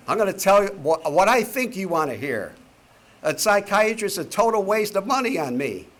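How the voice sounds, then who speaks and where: A man's voice: a little high, a bit bright. A man in his seventies giving a talk to a recovery meeting, telling jokes and stories with a wisecracking manner and plenty of swearing. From Connecticut, USA. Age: 70s. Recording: faint background noise, archive talk recording.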